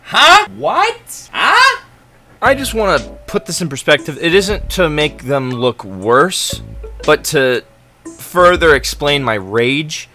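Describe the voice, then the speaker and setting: A man's voice: fairly high pitch, lively intonation, takes it slowly, sharp tone, faint music behind. A young man telling a story in an exasperated, dramatic and sarcastic rant. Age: young adult. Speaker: college student vlogger. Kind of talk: ranting storytelling vlog.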